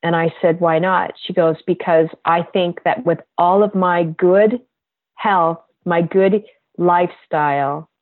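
A woman health practitioner telling a heartfelt story about a patient in a gentle, earnest way. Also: lowish voice, steady tone, dry recording. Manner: slow, gentle and earnest, emotional at times. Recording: tinny phone-like line, dry.

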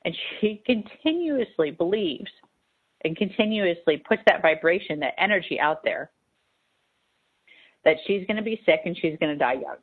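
Low-voiced preachy woman on a tinny line. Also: animated, moderate pace, slightly rough. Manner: emphatic and repetitive, preachy. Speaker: host and spiritual advisor. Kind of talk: radio talk monologue. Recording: tinny phone-like sound.

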